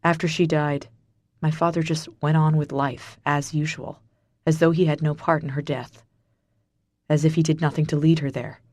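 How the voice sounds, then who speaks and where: A woman narrator voicing a brooding mafia boss with a low, gravelly voice, in an audiobook. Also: little pitch movement, normal speed, dry recording, clean studio sound, natural voice. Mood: bitter. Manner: quiet, clipped, bitter.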